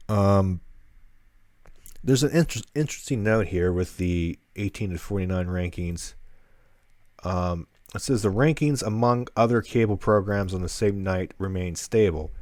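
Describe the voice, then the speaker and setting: Deep-voiced man hosting a casual podcast. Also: a little mellow, no echo, studio quality. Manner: rambling, many fillers and restarts. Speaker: podcast co-host.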